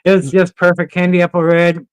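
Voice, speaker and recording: A man's voice: high-pitched, fairly quick, clean tone, no room sound. A man as a podcast guest, telling casual stories full of swearing and laughter. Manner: swears freely, animated anecdotes with laughter. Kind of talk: casual chat, storytelling.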